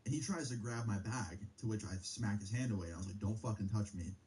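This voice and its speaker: Young man with a mellow voice, heated storytelling. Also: fairly low pitch, fast, low-quality recording. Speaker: streamer. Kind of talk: casual storytelling.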